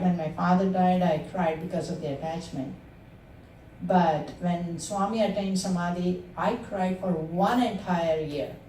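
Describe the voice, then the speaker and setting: A Telugu-speaking Indian woman in her sixties gives a devotional testimony at a satsang gathering, telling her personal story earnestly and with hesitations in a warm, dark voice on the low side. She sounds far from the microphone in a roomy, echoing spiritual-center meeting hall with a faint hiss.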